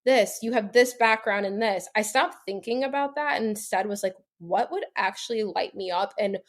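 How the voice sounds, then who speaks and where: A woman in her thirties talks as a podcast guest in an easy, rambling way, leaning hard on "like" and laughing between thoughts. Her voice sits at an ordinary middle pitch. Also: moderate pace. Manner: chatty, heavy use of "like", laughs often. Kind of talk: casual storytelling interview.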